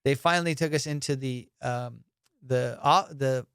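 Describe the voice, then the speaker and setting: Smooth-voiced man telling a story. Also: medium pitch, moderate pace, no echo, studio quality. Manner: animated, swearing, acts out quotes. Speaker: comedian and podcast host. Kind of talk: casual chat, storytelling.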